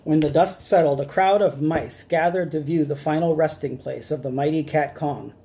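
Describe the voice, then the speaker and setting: A man, a teacher, reading a storybook aloud to children with expressive, dramatic delivery. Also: fairly high pitch, moderate pace, creaky.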